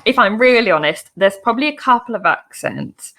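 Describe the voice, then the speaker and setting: A woman's voice: a little high, animated, fairly quick, sharp tone. A woman co-hosting a podcast in casual chat, talkative and self-deprecating, laughing often. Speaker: podcast co-host.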